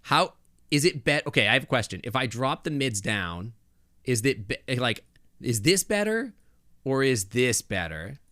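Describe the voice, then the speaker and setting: Man streaming live, bright and forceful tone, lively bouncy pitch, chatty with restarts, close mic. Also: unhurried, dry recording. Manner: chatty, thinking aloud with many restarts and asides. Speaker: game streamer. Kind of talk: casual live-stream chat with viewers. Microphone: desk microphone close up.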